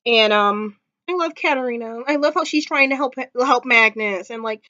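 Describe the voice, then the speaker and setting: A woman's voice: a little high, normal speed, pushed and bright, no room sound. A woman vlogger recapping a TV episode in casual chat, gushing and emotional, with lots of fillers. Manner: gushing, emotional fan talk with many fillers; close to tears at times. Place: indoors at home. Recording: dry, slightly dull home recording.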